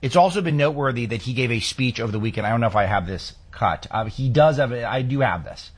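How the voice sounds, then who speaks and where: Husky-voiced male talk radio host. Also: mid-range voice, lively intonation, quick pace. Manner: sarcastic, rambling asides. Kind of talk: conservative political talk radio commentary. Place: radio studio booth.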